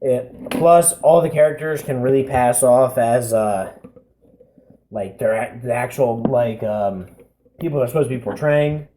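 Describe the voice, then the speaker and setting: A man's voice: mid-range voice, unhurried, mellow, slight background noise. A young man co-hosting a casual podcast, hesitant and full of fillers, with wisecracks. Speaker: podcast co-host. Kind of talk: casual chat.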